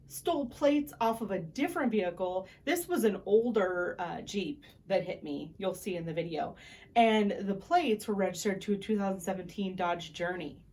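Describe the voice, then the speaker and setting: A young woman vlogs to camera, retelling a story in a casual, animated way and imitating the people she quotes. Her voice sits at medium pitch.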